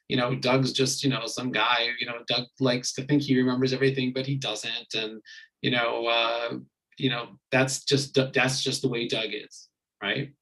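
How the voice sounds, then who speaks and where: A man leading an online marriage communication class, retelling a story in a relaxed way with many fillers. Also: mid-range voice, low-quality recording. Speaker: marriage workshop leader.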